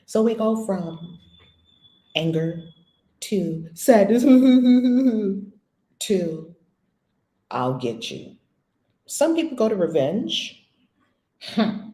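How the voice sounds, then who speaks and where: A woman giving a spiritual lesson as a teacher, blunt and animated, swearing casually. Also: medium pitch, extremely slow, pauses often. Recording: echoey room.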